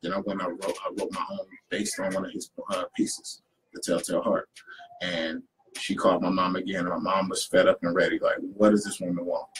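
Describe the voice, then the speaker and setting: A man's voice: low-pitched, a little fast, a crowd in the background, rough recording. A young man, a poet who works with youth, telling stories in casual conversation and acting out the people he quotes. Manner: animated storyteller who acts out quotes. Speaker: poet and youth program leader.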